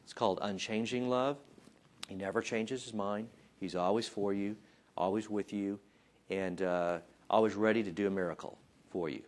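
A man with a lowish voice gives a relaxed, chatty sermon. He puts on voices for the people in his stories and pokes fun at himself along the way. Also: normal speed. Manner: conversational, acts out voices and jokes about himself. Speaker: Bible teacher. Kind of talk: informal sermon. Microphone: taped.

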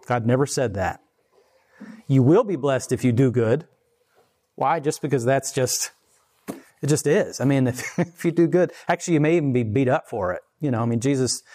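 Speaking in a medium-pitched voice with a darkish tone, a preacher in his forties keeps his sermon relaxed and conversational. He chuckles between points and eases his pace to read scripture.

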